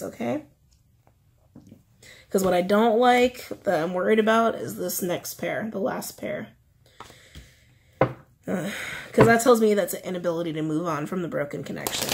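Woman, tarot reader, husky voice, chatty, repeats herself, casual monologue. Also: lowish voice. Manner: chatty, repeats phrases, says um and like often.

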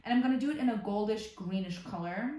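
A young woman vlogging about books, talking herself through a craft project with excited gasps and chatter. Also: medium pitch, quick pace. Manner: excitable, gasping, talks herself through each step. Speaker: book vlogger. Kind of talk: casual crafting commentary. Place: room at home. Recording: echoey room with faint clicks.

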